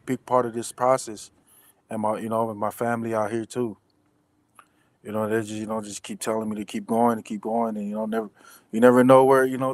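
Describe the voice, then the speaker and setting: A man's voice: lowish voice, dry recording, poor audio. A young man, a football player and interview guest, telling a story in casual chat, rambling with many restarts and fillers.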